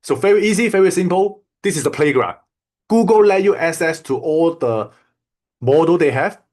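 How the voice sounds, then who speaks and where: A man walking students through a software tool in a loose, repetitive teaching style, checking in often with "okay?" and "right?". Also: on the high side, lively intonation, moderate pace. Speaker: online course instructor. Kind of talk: casual screen-share tutorial.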